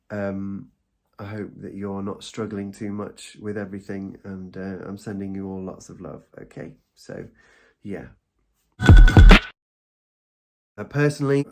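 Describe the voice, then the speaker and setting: A man's voice: mid-range voice, a little mellow. A man hosting his own show, talking to listeners in a rambling, chatty way and laughing at himself, seated at a desk indoors. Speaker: podcast host. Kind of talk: casual solo monologue.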